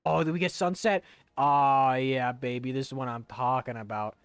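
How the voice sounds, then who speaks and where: A man's voice: mid-range voice, steady tone, normal speed, clear, resonant tone, dry recording, faint music behind. A young man chatting loosely while playing a video game on stream, joking and rambling. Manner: rambling and jokey, breaking into silly voices. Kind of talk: casual let's-play commentary.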